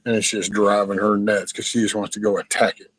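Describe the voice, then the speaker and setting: A laid-back middle-aged livestream host chats casually at home near his backyard chicken coop, wandering from topic to topic and interrupting himself to scold his dog. His fairly low voice is a bit bright, barely varies in pitch, and moves a little fast, on a rough recording without echo.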